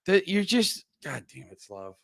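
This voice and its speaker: A man's voice: a little high, very animated, slow pace, vocal fry, a bit bright, dry recording. Male podcast host, groggy, rambling and profane, reads chat aloud, dry close sound. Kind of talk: casual livestream chat.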